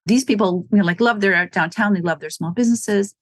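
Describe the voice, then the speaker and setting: A woman's voice: mid-range voice, brisk, no room sound. A woman from Wisconsin, a shop owner, chatting in an interview, telling stories, acting out quotes and laughing often. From Wisconsin, United States. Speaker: running shoe store owner, guest. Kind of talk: casual interview chat.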